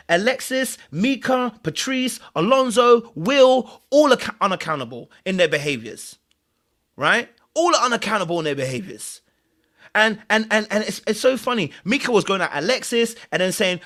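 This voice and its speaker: A male podcast host with a high-sitting voice and moderate pace gives animated, emphatic commentary on a reality show. He acts out the people he quotes.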